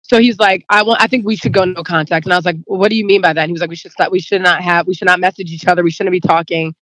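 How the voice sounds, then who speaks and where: A woman guest tells a story casually and emotionally, near tears, in a fairly low, steady, fairly bright voice that races along. She rambles and acts out quoted dialogue, voicing both sides of the conversation, in a dry, close recording.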